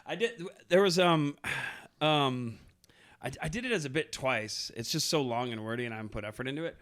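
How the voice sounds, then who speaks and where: A man's voice: mid-range voice, animated, brisk, fairly bright tone. A young man co-hosting a podcast, chatting casually, telling jokey stories and swearing freely. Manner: joking storyteller, swears freely. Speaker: podcast co-host. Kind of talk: casual chat.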